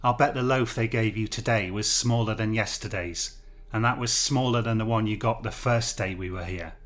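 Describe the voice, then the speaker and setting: A man's voice: lowish voice, normal speed, fairly bright tone, lightly acted. A man voicing an anxious, pompous male schoolteacher held prisoner, pleading in an earnest, prim way in a story reading. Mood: persuading.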